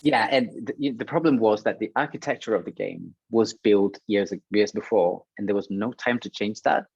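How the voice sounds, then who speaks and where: A man's voice: lowish voice, moderate pace, gravelly, slightly rough, no echo, dull audio. A man, a guest sound designer, talking casually on a panel, hesitant with many fillers and restarts.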